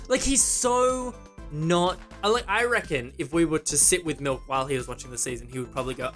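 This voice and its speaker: A young man giving a casual, rambling recap vlog, talking fast through tangents and asides. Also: a little high, lively intonation, pushed and bright, soft background music. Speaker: vlogger reviewing a TV episode.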